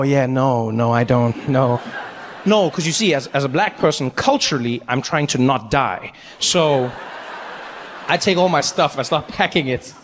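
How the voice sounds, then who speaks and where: A man telling a story in a stand-up comedy set, animated and acting out each character. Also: on the high side, big-room sound, a little hiss or hum. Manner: animated, acts out every character.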